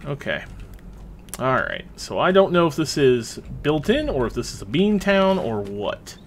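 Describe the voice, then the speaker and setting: A young man casually commenting on his gameplay, chatty and excitable, swearing freely as he plays. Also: a little high, measured pace, slight background noise. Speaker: let's play host.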